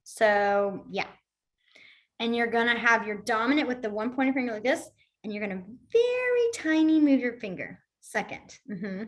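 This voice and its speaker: Friendly young female teacher, chatty, a touch high-pitched, casual class delivery. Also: very animated. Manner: chatty, laughs often, quick asides. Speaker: sign language teacher. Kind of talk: casual online class instruction.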